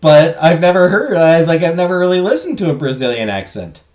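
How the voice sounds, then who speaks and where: A man's voice: a little high, big pitch swings, a little fast, darkish tone. A man giving casual gameplay commentary, rambling and stammering, swearing and mocking himself. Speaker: gaming streamer.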